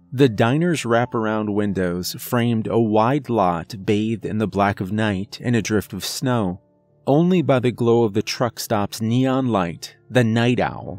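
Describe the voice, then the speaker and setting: Low-voiced man narrating a horror story. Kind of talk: scripted first-person horror narration. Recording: narration with faint music underneath.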